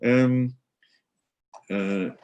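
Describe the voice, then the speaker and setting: A man's voice: medium pitch, steady tone, extremely slow, darkish tone, clear, resonant tone, highs cut off. A middle-aged man giving an online guided tour, chatty and explanatory, with many hesitations and fillers.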